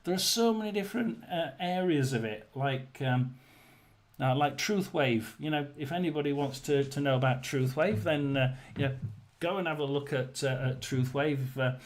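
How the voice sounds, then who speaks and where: A man's voice: on the high side, normal speed. A man hosting a casual livestream, chatting with viewers and reading their comments, rambling with many fillers and restarts. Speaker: livestream host.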